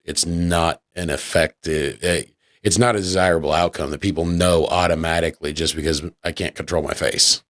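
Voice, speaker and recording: A man hosting a casual podcast discussion, speaking deliberately and searching for his words. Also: sits low, fairly even intonation, a bit bright, dry recording, clean studio sound. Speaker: podcast host.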